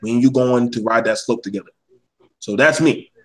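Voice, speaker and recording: A man's voice: mid-range voice, normal speed, rough recording. A man in a casual panel discussion, speaking bluntly and heatedly, with plenty of swearing.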